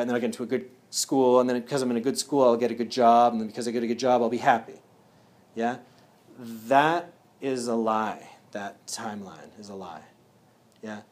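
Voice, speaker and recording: A man's voice: medium pitch, darkish tone. A man speaking casually to a live audience at a wellness talk. He often checks in with "yeah?" and "right?".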